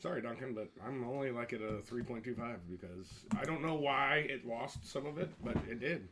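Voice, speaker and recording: A man co-hosting a beer podcast, low-key and quiet in casual chat. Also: fairly quick, crowd noise. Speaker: podcast co-host.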